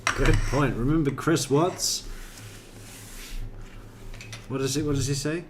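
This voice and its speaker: A man's voice: medium pitch, slow, pauses often, background noise. A man co-hosting a true crime live stream, chatting casually, laughing often and stumbling over his words. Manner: laughing, joking, with stumbling restarts.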